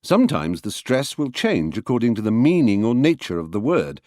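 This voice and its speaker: A man's voice: mid-range voice, big pitch swings, normal speed, few pauses, a little mellow, dry recording, studio quality. A man reads a lesson on word stress aloud in a wry, explanatory way and sounds out examples of stress as he goes. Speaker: reader of a book on verse. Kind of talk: scripted audiobook narration.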